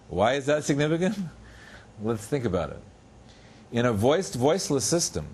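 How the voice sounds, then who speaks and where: A man giving an academic lecture in a university seminar room, explaining step by step with pauses and small restarts, slowing down to spell out example words. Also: medium pitch, very animated, darkish tone, a little hiss or hum. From United States. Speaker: guest lecturer.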